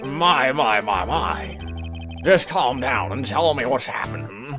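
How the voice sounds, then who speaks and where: A man voicing a calm, fussy older male lawyer in a video game, slow and soothing. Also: medium pitch, faint music behind.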